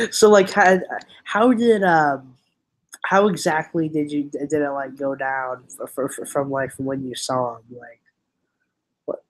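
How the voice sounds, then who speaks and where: A man's voice: on the high side, measured pace, rough recording. A young man with a clogged nose, chatting casually on a stream and joking in a rambling way. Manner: rambling, joking, laughs at own stories. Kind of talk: casual chat.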